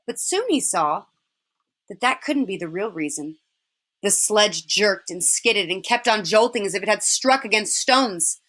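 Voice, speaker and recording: A woman teacher reading a children's novel aloud in an expressive way. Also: on the high side.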